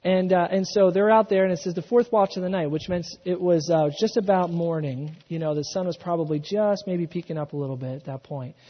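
A man's voice: sits high, fairly even intonation, a little fast, hardly any pauses, breathy edge. A man preaching a sermon off his notes, restarting phrases and building emphasis as he goes. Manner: unscripted, restarts, rising emphatic delivery. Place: church. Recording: dull, echoing church hall.

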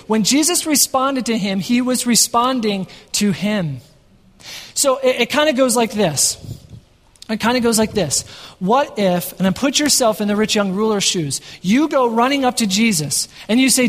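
A man preaching a sermon to his congregation in a church, energetic and often asking the room questions. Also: sits high, normal speed, big-room sound. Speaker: pastor. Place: church sanctuary. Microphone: headset microphone.

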